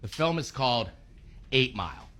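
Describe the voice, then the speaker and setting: A man's voice: mid-range voice, very animated, moderate pace, very noisy. A man doing a stand-up set with a dry, sarcastic delivery. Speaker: stand-up comedian.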